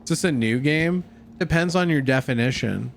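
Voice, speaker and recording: A man's voice: medium pitch, moderate pace, vocal fry. Profane joking young streamer guy. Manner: profane, joking, laughs often, calls everyone dude. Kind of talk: casual gaming commentary. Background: game music.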